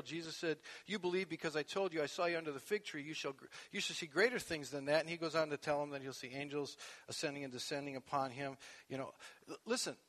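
A male pastor preaching a sermon, animated, swinging from soft conversational asides to loud emphatic peaks. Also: on the high side. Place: church sanctuary. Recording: long echo of a large hall.

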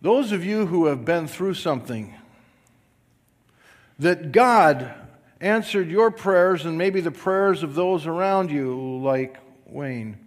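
Slow-preaching man in a reverberant hall. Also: a little high, lively intonation. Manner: slow, emphatic preaching, rising to loud calls for the congregation to repeat. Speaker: pastor. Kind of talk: sermon. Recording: long reverb of a large hall.

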